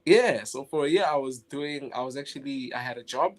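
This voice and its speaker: A young man from South Africa, a guest animator in a casual interview, talking in a relaxed way, laughing often and restarting his phrases. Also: mid-range voice, a little fast.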